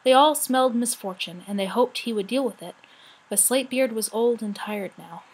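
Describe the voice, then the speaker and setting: A woman reading a children's fantasy novel aloud with expressive, measured narration. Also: on the high side, breathy edge, poor audio.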